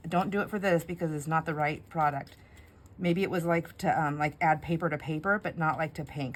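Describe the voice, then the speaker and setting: Low-voiced woman chatting while crafting. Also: a little hiss or hum. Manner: rambling, self-talk with fillers and laughs. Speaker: craft vlogger. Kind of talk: casual chat while crafting.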